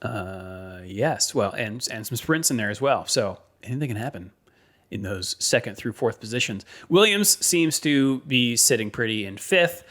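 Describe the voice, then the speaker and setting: A man's voice: mid-range voice, measured pace. Man reading race standings. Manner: steady, with frequent ums and uhs. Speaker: podcast co-host. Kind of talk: casual podcast chat, reading standings and weather.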